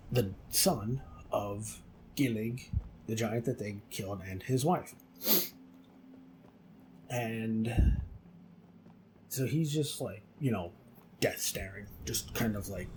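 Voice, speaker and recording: A man's voice: fairly low pitch, a little mellow, slight background noise. A man hosting a game video, casually retelling a myth with lots of fillers. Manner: rambling, many fillers. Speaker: gaming channel host.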